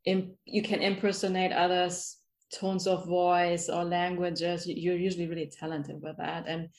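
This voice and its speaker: A woman's voice: fairly low pitch, flat delivery, normal speed, darkish tone. A woman with a German accent hosting a podcast interview, chatting in a bubbly, casual way full of "like" and "right?". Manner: bubbly, filler-heavy, lots of "like" and "right?". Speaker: podcast host.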